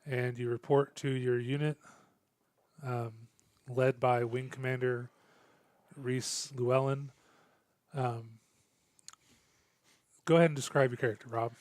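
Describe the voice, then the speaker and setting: A man running a tabletop game as game master, narrating in a halting way full of fillers and restarts. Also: medium pitch, level tone, a little mellow, no echo.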